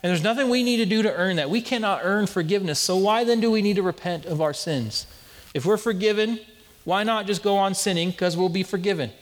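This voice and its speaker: A man's voice: sits high, fairly quick. Earnest preacher man in a reverberant hall. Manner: earnest storytelling with repeated restarts. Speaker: pastor. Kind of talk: sermon.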